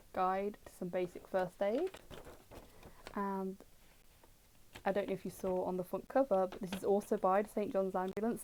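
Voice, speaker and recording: British woman streamer at home; mellow tone, chatty and digressive, quips back at chat. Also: medium pitch, slight background noise, low-quality recording. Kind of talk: casual livestream chat reviewing old books. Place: at home with her dog.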